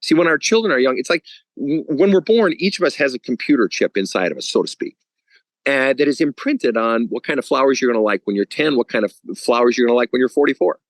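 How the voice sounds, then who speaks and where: A man's voice: medium pitch, dry recording, rough recording. A man speaking as a guest counselor on a podcast, talking bluntly with casual swearing and acting out stories. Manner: blunt and profane, animated storytelling.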